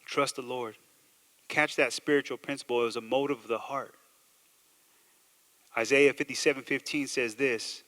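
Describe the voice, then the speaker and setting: A man preaching a sermon as pastor, swinging between loud emphasis and quiet asides, joking with the congregation. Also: mid-range voice, fairly even intonation, normal speed, pauses often. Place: church sanctuary. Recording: long hall reverb.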